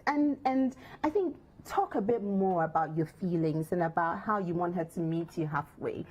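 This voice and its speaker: A woman's voice: mid-range voice, very animated, moderate pace, few pauses, a little mellow, breathy edge. A Ghanaian woman co-hosting a relationship advice show in a studio, giving teasing, playful counsel.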